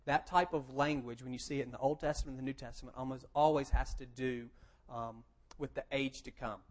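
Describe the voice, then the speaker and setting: A man's voice: medium pitch, fairly even intonation, fairly quick. A man preaching a sermon, explaining plainly and quoting scripture with emphasis. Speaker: pastor.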